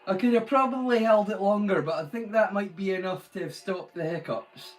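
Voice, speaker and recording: Chatty man, slightly high voice. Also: brisk, soft background music. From United Kingdom. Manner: rambling and chatty, swears freely. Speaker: host of a live watch-along. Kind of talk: casual live-stream chat.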